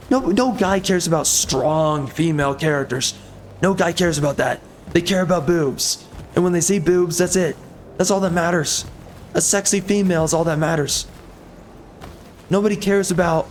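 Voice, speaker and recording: A man's voice: sits high, moderate pace, a little hiss or hum. A man ranting in heated, emphatic, repetitive commentary over gameplay. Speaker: gaming commentator.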